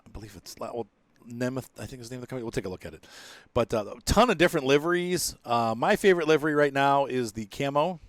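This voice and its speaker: A man's voice: medium pitch, smooth, no echo. A man giving casual commentary as he reviews an airplane in a flight simulator, rambling with many fillers and restarts.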